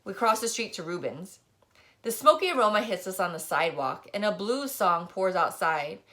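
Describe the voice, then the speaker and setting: Bright-voiced woman reading a novel aloud. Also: medium pitch, normal speed. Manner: expressive first-person narration. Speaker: reader.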